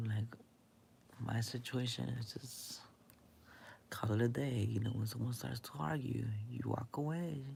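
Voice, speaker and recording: A young man rambling in a late-night monologue, hesitant and halting, with many fillers, often dropping into a whisper. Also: fairly low pitch, creaky, warm tone, a little hiss or hum. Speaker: vlogger.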